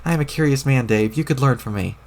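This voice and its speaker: A man doing a loud, furious young troll. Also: medium pitch, fast talker, close to an everyday voice. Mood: pompous. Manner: shouty, indignant, crude rants. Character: loud, ranting, short-tempered young male troll. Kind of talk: reading a webcomic aloud on stream.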